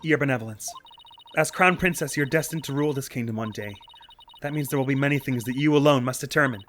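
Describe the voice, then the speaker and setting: A man playing a calm defense lawyer. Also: medium pitch, faint music behind, lightly acted. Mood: earnest. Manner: measured, reassuring tone. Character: calm adult male defense lawyer, level-headed. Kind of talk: let's play voice acting.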